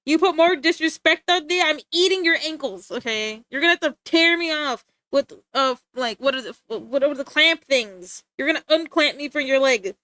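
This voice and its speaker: Young female streamer, giggly and mock-tough, high pitch, dry home mic. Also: moderate pace, hardly any pauses, fairly bright tone, dry recording. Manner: playful, giggly, mock-threatening. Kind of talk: casual live-stream chat.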